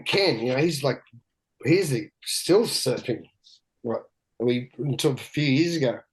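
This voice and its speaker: A man talking as a podcast guest, telling a story in a loose, rambling way. He swears freely and keeps restarting his sentences. His voice sits at an ordinary middle pitch. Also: low-quality recording. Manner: rambling, profane, lots of restarts and fillers. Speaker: guest, big-wave surfer. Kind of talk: candid storytelling chat.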